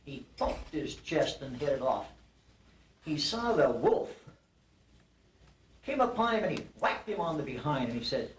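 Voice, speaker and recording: Animated older man telling a joke. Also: mid-range voice, unhurried, slight background noise. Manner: folksy storyteller, animated. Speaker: honoree giving acceptance speech. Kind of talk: after-dinner speech with a told joke. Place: banquet hall. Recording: roomy hall recording from a distance.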